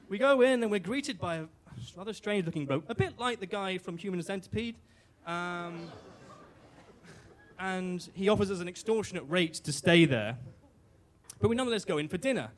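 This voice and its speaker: A British man telling a comic personal story on stage, wry and self-deprecating, with fillers and restarts. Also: fairly high pitch. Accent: British English. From Britain. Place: live storytelling venue on stage.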